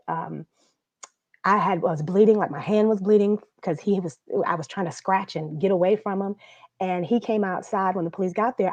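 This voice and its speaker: A woman giving personal testimony as a conference speaker, earnest and halting with frequent restarts. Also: on the low side, a little mellow, dry recording. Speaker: guest speaker, domestic violence survivor. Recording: dull, dry audio.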